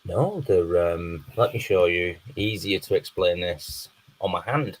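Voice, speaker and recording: A man's voice: sits low, measured pace, a little hiss or hum, low-quality recording. A man from northern England with an English accent, hosting a casual livestream chat, laughing often and joking about himself. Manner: laughs often, chatty and self-deprecating. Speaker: livestream host.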